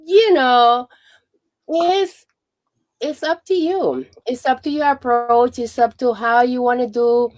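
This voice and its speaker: A woman co-hosting a casual live stream, cheerful, laughing often and filling with "um" and "you know". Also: a little high. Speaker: co-host, Avon representative.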